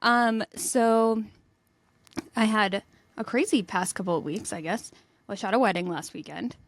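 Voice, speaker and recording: A young adult woman co-hosting a podcast, telling stories in a lively way and laughing as she goes. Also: medium pitch, normal speed, no echo. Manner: animated storyteller, laughs mid-sentence. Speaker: podcast co-host. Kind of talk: casual chat.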